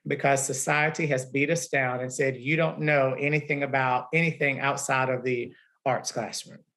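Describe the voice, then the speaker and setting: A man's voice: medium pitch, fairly even intonation, normal speed, a bit bright. A man who teaches the arts, speaking in an impassioned and pointed way during a panel discussion over a video call.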